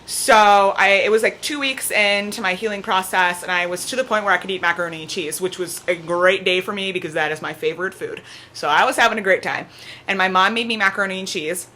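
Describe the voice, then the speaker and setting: Bright-voiced young woman telling a chatty story. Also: mid-range voice, fast talker, a little hiss or hum. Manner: chatty, peppered with "like", animated retelling. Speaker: vlogger. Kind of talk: casual storytelling to camera. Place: at home with her cat on her lap.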